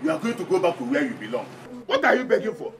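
A shouting Nigerian husband. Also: male voice, fairly high pitch, sing-song, rapid-fire, roomy sound, recorded from a distance, slight background noise. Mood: angry. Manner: shouting, commanding, harsh. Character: angry husband throwing a girl out. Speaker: aunt's husband.

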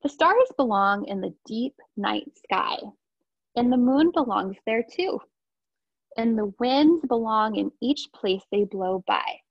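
A woman's voice: fairly high pitch, expressive, slow, vocal fry, husky, dry recording, highs cut off. Woman reading a storybook aloud to kids. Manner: warm, encouraging, greets children by name. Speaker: preschool teacher. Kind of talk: live storytime read-aloud.

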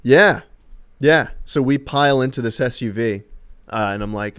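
A man's voice: mid-range voice, moderate pace, fairly bright tone, clear, resonant tone. A man telling loose, amused anecdotes during a live stream, rambling with fillers and casual swearing. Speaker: streamer and co-host.

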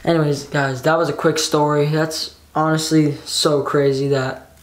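A young man chatting casually and excitedly for his vlog, rambling with lots of "like". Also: fairly high pitch, a little slow. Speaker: vlogger. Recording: background noise.

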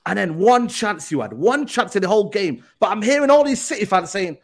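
A man's voice: high voice, very animated, brisk. A man with a London accent, a football pundit on a podcast, taunting a rival fan with boastful, heated banter.

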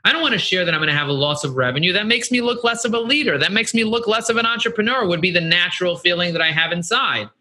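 A middle-aged man speaks in an earnest, animated way as an interview guest. His voice is bright and forward, a little higher than most men's. He repeats phrases for emphasis and talks candidly. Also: fast, few pauses. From United States. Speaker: guest, marketing agency CEO.

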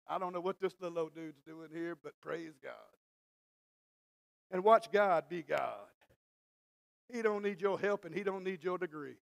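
A man preaching in church, his voice pitched very high with a gravelly edge. He moves from hushed, low asides to shouted exhortation and acts out Bible stories as back-and-forth dialogue. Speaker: pastor. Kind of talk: sermon.

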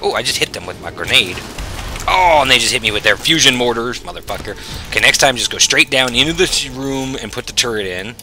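A man's voice: medium pitch, expressive, brisk, bright, forceful tone, faint music behind. A man casually commenting on his own gameplay as a channel host, chatty and self-mocking, swearing freely.

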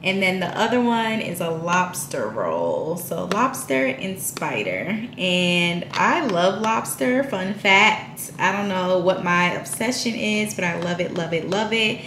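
A woman's voice: on the low side, big pitch swings, takes it slowly, few pauses, fairly bright tone, echoey room, slight background noise. A young woman chatting casually to camera in a home vlog, playful and full of slang. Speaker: vlogger. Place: at home, indoors.

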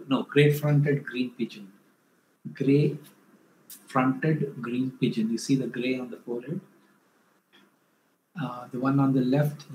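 A man from India, presenting wildlife photos in a talk, often pausing and correcting himself, livelier when retelling a story. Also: medium pitch, warm tone. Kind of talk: illustrated talk. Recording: echoey room, faint background noise.

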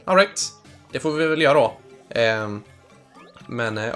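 A man's voice: medium pitch, expressive, measured pace, pauses often, a bit bright, soft background music. Man, let's play host, thinking aloud, unsure, casual. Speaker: gaming channel host.

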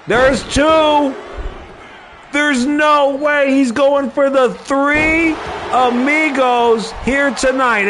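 A man giving excited play-by-play commentary on a wrestling video game, often shouting exclamations. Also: very high-pitched, slight background noise.

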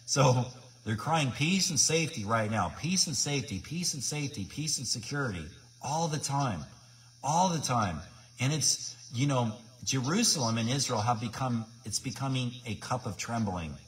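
A man's voice: medium pitch, lively intonation, moderate pace, recorded from a distance. A man preaching informally to his viewers, emphatic and repetitive, full of rhetorical questions. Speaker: independent Bible teacher.

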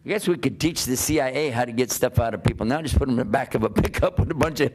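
An older man preaching, telling a personal story in an animated way and often laughing as he talks. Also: mid-range voice, fast. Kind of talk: storytelling talk.

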